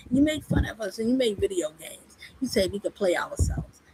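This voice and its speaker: A woman's voice: high voice, brisk, gravelly, poor audio. A woman preaching fervently in a monologue, pressing her listeners with rhetorical questions. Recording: loud background noise.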